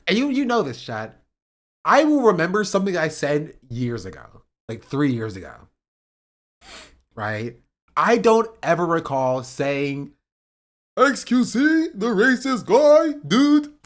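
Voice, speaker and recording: A man's voice: fairly high pitch, big pitch swings, measured pace, a bit bright. A young man hosting a livestream, reacting to clips in a casual, sarcastic way and laughing often. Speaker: livestream host. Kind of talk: casual stream commentary.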